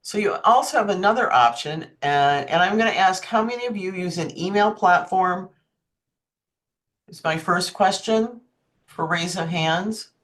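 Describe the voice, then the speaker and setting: A woman's voice: lowish voice, a little slow, fairly bright tone. A woman giving an online marketing workshop on a video call, chatty and often checking in with her listeners. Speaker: marketing presenter.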